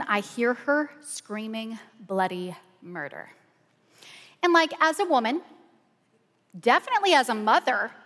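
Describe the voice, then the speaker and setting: A middle-aged woman pastor, telling a lively story in a casual, colloquial sermon style. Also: on the high side. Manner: animated, colloquial storytelling with "y'all". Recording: long hall reverb.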